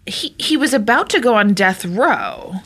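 Bright, emphatic woman in casual chat. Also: a little high, animated, unhurried. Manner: incredulous, emphatic. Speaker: podcast co-host.

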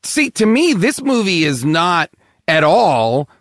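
A man co-hosting a casual movie podcast, his voice a bit higher than most and jumping all over as he talks. He sounds close and dry on the mic, with no room echo. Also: slow pace. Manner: animated, acts out quotes in put-on voices. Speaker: podcast co-host. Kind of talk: casual film discussion.

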